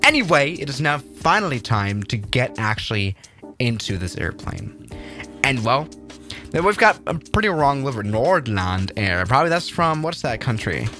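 A man chatting excitably through a flight simulator livestream, often restarting his sentences. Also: medium pitch, normal speed, soft background music. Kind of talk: casual livestream commentary.

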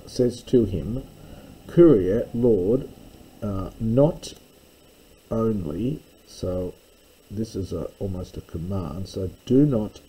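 A man teaching a slow verse-by-verse Greek lesson, stopping often to explain words and grammar. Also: lowish voice, mellow, a little hiss or hum, rough recording. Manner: careful, stops to explain grammar.

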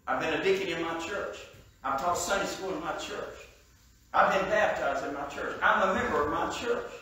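An older man with a drawl preaches to a congregation, his tone slightly raised above the usual male range. He tells homely stories, dropping to quiet asides and then climbing to loud, emphatic peaks. The mic sits some way off in a very echoey church room, with a faint hum of ambience behind him. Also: fairly high pitch, moderate pace, far from the mic. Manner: storytelling with swings between soft asides and loud emphatic peaks. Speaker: evangelist preacher. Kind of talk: sermon. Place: church sanctuary.

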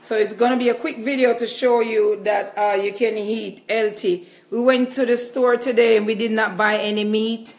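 A woman's voice: on the high side, steady tone, normal speed, few pauses. Chatty woman showing a grocery haul. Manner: chatty, repetitive, enthusiastic. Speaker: vlogger. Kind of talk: casual grocery haul vlog.

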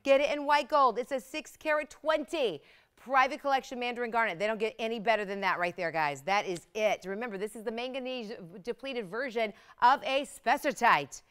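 A woman hosting live jewelry sales, talking in fast, excited hard-sell patter. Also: fairly high pitch, smooth. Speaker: shopping channel host.

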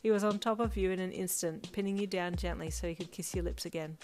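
A woman's voice: lowish voice, fast. Woman narrating a fanfiction audiobook. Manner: steady storytelling narration. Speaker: fanfiction reader. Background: faint lo-fi drum music.

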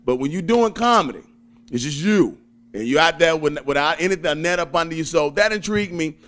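A young comedian with a Southern accent chats easily in an interview. His voice sits a little high for a man, and he jokes and chuckles as he talks. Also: lively intonation, a little fast, a bit bright. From Birmingham, Alabama. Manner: laid-back, jokey, chuckling often. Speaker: stand-up comedian guest. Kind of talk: casual interview chat.

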